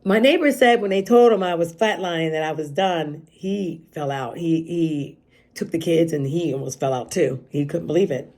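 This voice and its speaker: A woman vlogger giving an earnest, halting, confessional personal testimony. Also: low voice, a little mellow.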